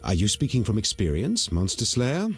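A calm, wise elven druid. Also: male voice, lowish voice, breathy edge, soft background music, full character voice. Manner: measured, courteous. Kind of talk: video game voice acting.

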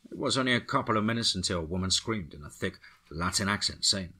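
A man narrating a dark action story for a horror podcast with a steady, dramatic delivery. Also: deep voice, fast, hardly any pauses, slightly rough.

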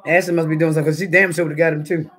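Here a man speaks in a slightly high, flat voice at a racing pace while hosting a relaxed live stream over breakfast. Reading the chat aloud between bites, he laughs frequently and lets out sudden loud outbursts.

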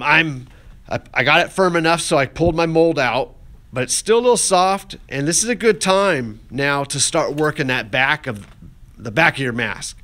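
A man's voice: mid-range voice, bright, forceful tone. A man teaching an art class, walking through a clay demonstration in a folksy, encouraging way with plenty of fillers and restarts.

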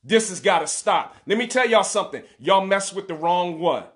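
A man's voice: high voice, expressive, normal speed. A middle-aged American father ranting in anger, indignant and repeating his points for emphasis. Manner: indignant, repetitive, building to shouted emphasis. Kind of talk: angry direct-to-camera rant.

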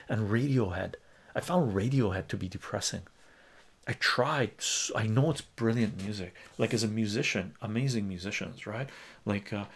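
Gravelly low-voiced man chatting on stream. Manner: rambling and conversational, many fillers and restarts, reads lyrics aloud. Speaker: live stream host. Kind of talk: casual live-stream chat, reading chat messages.

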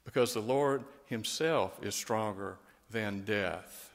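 A man's voice: fairly low pitch, slow pace, long reverb tail. A man speaking as a pastor, giving a tender funeral eulogy and prayer. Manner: gentle and tender, rising to lively storytelling.

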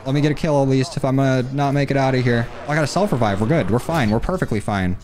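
A man's voice: medium pitch, quick pace. A man giving casual, cocky commentary on his own gameplay as a gaming YouTuber, with faint music and game gunfire behind him. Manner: animated, cocky trash talk.

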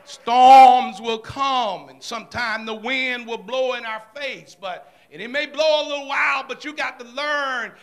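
High-voiced fervent preacher man, slow and bright. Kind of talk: sermon. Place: church during a service.

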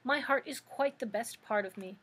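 A woman's voice: a little high, normal speed, fairly bright tone, slightly rough. Woman doing a kind, anxious tin man. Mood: pleading. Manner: anxious and peacemaking.

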